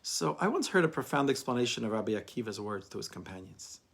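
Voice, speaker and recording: Animated husky male rabbi storyteller. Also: medium pitch, quick pace. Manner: animated storyteller, frequent "I mean". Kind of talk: storytelling Torah lesson.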